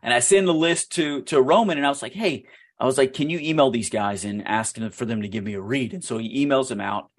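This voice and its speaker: A man, a filmmaker guest on a radio show, telling his story in an animated, excitable way that often jumps up in pitch. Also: fast talker. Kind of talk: storytelling interview.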